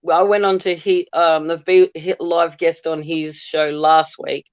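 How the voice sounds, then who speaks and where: A man's voice: on the high side, little pitch movement, unhurried, clear, resonant tone, no echo, muffled recording. A man, chatting casually on a livestream and often laughing. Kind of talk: casual chat.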